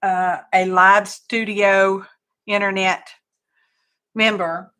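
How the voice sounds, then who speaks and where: Folksy woman, craft livestream host, bright and chatty. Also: mid-range voice, flat delivery, slow pace, smooth. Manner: chatty and folksy, greets viewers by name, says y'all. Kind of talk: casual live craft chat.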